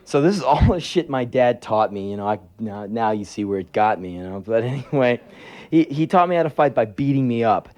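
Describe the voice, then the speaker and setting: Performing a live spoken word set before an audience, a man in his twenties tells sardonic, profane stories and lets out sudden yelps when acting out voices. His mid-range voice is darkish, expressive and brisk.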